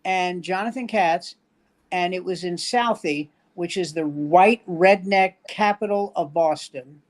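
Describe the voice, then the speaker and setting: A guest on a casual chat, this veteran standup comedian is an older man from New York whose voice sits high and never hurries. He rambles through wry anecdotes.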